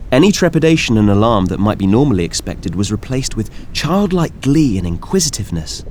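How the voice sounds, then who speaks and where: Low-voiced male audiobook narrator. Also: a little hiss or hum. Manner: measured storytelling, expressive. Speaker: audiobook reader. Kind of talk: scripted narration.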